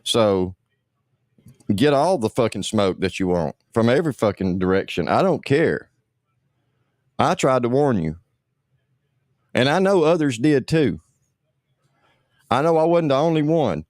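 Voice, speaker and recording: A man's voice: medium pitch, sing-song, a little slow, long pauses, darkish tone, dry recording, studio quality. Blunt, profane man ranting on a stream. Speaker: livestream host. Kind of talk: ranting casual livestream.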